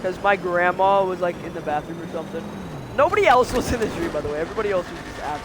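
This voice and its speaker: A man's voice: high-pitched, lively intonation, fast talker, poor audio. A man co-hosting a podcast, telling a story in a rambling, casual way, full of fillers and bursts of laughter. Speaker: podcast co-host.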